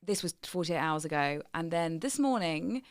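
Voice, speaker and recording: A woman's voice: sits low, expressive, moderate pace, no room sound, clean studio sound. A woman co-hosting a casual podcast, telling a playful story in a chatty way. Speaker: podcast co-host. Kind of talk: casual chat.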